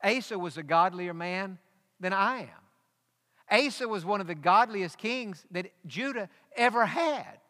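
A man's voice: high voice, unhurried, sharp tone, big-room sound. A man preaching a sermon, telling a personal story and building to emphatic peaks. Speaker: pastor.

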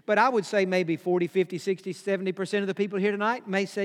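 High-voiced man preaching in a reverberant hall. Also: steady tone, fast talker, few pauses. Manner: emphatic, repeats key phrases, drops to a hush for quoted whispers. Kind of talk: sermon.

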